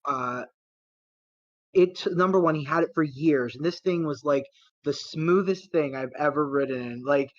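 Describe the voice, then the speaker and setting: Higher-voiced man, enthusiastic chat. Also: unhurried, dry recording, muffled recording. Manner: enthusiastic, laughs often. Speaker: podcast co-host. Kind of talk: casual chat.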